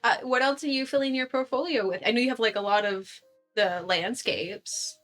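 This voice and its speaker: Peppy preppy teen girl, bright and eager, pitched up high , as a player voices her. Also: moderate pace, faint music behind, natural voice.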